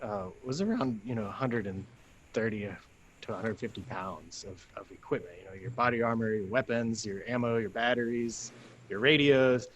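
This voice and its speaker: A man, a guest on a talk show, telling a story casually. He talks in an animated way, laughs often and acts out the lines of people in his story. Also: mid-range voice, normal speed, slight background noise.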